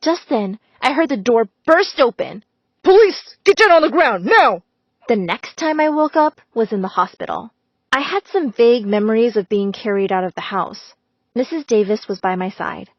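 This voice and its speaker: A woman narrating a first-person story in a dramatic, expressive way. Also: on the high side, no echo. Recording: slightly dull, dry recording.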